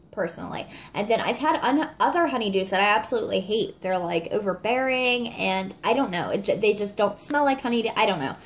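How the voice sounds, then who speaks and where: A woman chatting excitedly in a casual product review vlog, full of fillers and little laughs. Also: medium pitch, slight background noise. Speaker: wax melt reviewer.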